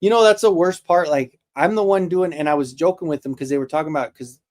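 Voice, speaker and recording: A man's voice: a little high, quick pace, darkish tone. A man in his forties hosting a live toy stream, chatting in a loose, rambling and jokey way, often restarting his sentences. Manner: laid-back and jokey. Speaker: toy show host. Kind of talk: casual live-stream chat.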